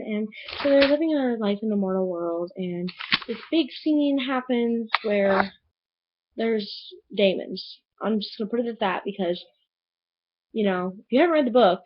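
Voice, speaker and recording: A woman's voice: fairly high pitch, lo-fi sound. A woman reviewing a book in a casual vlog, rambling and chatty with lots of fillers.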